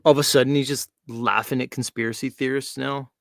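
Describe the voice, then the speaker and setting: A man's voice: medium pitch, fairly even intonation, a little fast, gravelly, dry recording. A man hosting a show, talking casually in a mocking, rambling way. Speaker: host. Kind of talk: casual livestream talk.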